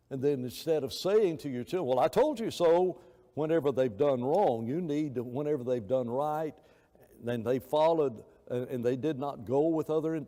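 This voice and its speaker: Mellow-voiced man teaching a Bible class. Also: medium pitch. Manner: rambling and anecdotal, acts out quoted voices. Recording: long reverb of a church hall.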